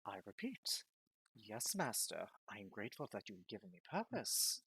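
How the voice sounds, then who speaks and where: A man puts on a haughty villain who sees himself as a great intellectual. He speaks in a slow, commanding tone and sweeps widely up and down in pitch. The recording is dry and close. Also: big pitch swings, a bit bright, breathy edge, no room sound, exaggerated voice, rough recording. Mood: condescending. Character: pompous condescending male captor who styles himself an intellectual.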